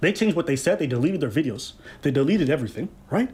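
A man's voice: on the high side, lively intonation, fast, a little mellow. A man co-hosting a podcast, giving heated commentary and hammering his points home through repetition. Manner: emphatic, repeats points for emphasis. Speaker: podcast co-host.

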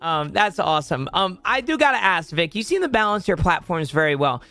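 Young guy hosting a chill podcast, slightly high voice, dry close sound, lots of yeps and tangents. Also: very animated, brisk, pushed and bright, no room sound. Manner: upbeat, agreeable, rambling. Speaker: podcast host. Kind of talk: casual chat.

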